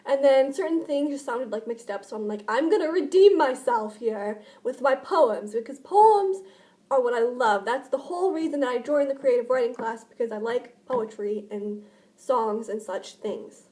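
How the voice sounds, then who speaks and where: High-voiced chatty woman vlogging. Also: normal speed, dark tone. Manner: rambling, chatty, many filler "like"s. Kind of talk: casual vlog chat. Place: indoors at home, by a window.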